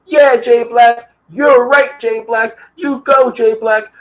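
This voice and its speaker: A man mocking high sing-song fawning fans. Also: fairly even intonation, slow, lo-fi sound.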